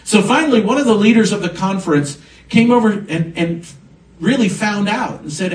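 A man's voice: sits high, expressive, normal speed. A man preaching a sermon as pastor, emphatic and swelling on key words. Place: church sanctuary. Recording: echoey church room, mic at a distance.

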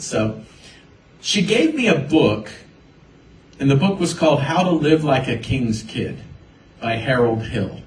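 A man's voice: medium pitch, a little slow, recorded from a distance. A man preaching a sermon, telling his own story and quoting the people in it. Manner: storytelling, animated quoting of others. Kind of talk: sermon with personal testimony. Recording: roomy echo, voice from afar.

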